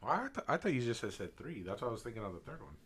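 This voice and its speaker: A man's voice: medium pitch, sing-song, very fast, a bit bright, breathy edge. A man playing along in a casual trivia game, hesitant over answers. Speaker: podcast co-host, contestant. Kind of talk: casual chat.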